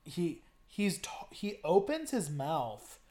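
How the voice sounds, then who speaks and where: A young man co-hosting a podcast in casual chat, excited and profane, stumbling and repeating his words as he talks. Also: on the high side, slow pace. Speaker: podcast co-host.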